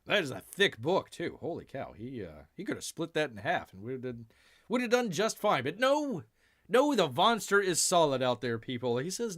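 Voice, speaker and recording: A man hosting a live-stream news chat, rambling and speaking of himself in the third person, with drawn-out sighs and mumbled asides. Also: a little high, sing-song. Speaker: show host.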